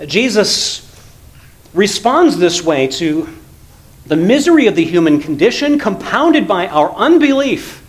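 A male pastor preaching an earnest sermon, rising to emphatic lines and dropping to quiet, low passages. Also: big pitch swings, measured pace, poor audio. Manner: earnest preaching, swells loud then drops to quiet low tones.

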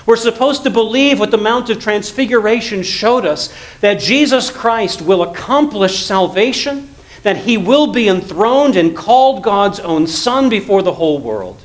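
Man, pastor, high voice, earnest sermon delivery, swells and hushes. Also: expressive, measured pace, low-quality recording. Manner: earnest preaching, swells loud then drops to quiet low tones.

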